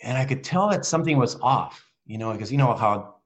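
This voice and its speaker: A middle-aged man, a guest on a video call, telling a heartfelt personal story in a halting, earnest way with many restarts. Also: medium pitch, lively intonation, muffled recording.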